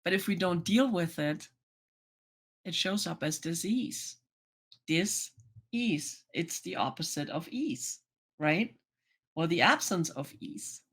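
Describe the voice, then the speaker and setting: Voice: medium pitch, measured pace, breathy edge. Chatty life coach vlogging. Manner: chatty, full of "you know" and "right?"; acts out remembered conversations in lively voices. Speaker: life coach and channel host. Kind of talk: casual vlog monologue.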